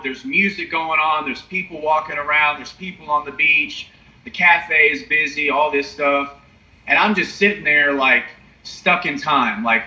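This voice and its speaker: Young man, bright forceful voice, excitable, swears a lot, echoey lo-fi recording. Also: fairly high pitch. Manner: excitable, profane, lots of "you know what I mean". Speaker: podcast co-host. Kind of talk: casual storytelling chat. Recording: echoey, dull lo-fi sound.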